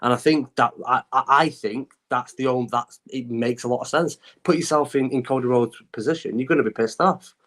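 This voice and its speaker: A man's voice: mid-range voice, a little fast, hardly any pauses, fairly bright tone. A man co-hosting a casual wrestling podcast, talking heatedly with stumbling restarts. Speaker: podcast co-host.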